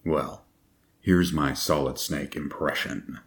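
A man with a deep, gravelly morning voice, talking casually to viewers. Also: slow pace, a bit bright. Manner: casual, low-key introduction. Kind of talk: casual vlog talk.

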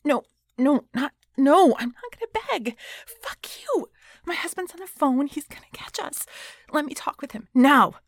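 A high, breathy whispered role-play voice of a flustered wife, performed by a woman. She drops into hushed whispers and then breaks into pleading. The sound is close and dry, with no room around it. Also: sing-song, moderate pace, no room sound. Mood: tense. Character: flustered married woman, tied up, hiding a secret. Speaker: voice actor in an audio role-play.

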